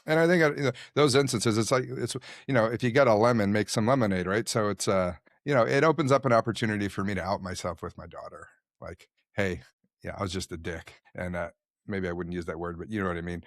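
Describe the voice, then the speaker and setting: A man's voice: lowish voice, fast, no room sound, studio quality. A man hosting a podcast who speaks reflectively and candidly, often poking fun at himself. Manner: candid, self-deprecating, thoughtful. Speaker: podcast host. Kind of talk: reflective conversational talk.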